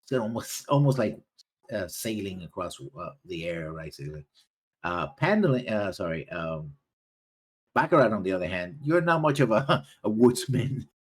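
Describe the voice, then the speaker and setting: A man running a tabletop game as game master, narrating haltingly with many fillers. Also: on the low side, sing-song, husky. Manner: halting, many ums and uhs while narrating.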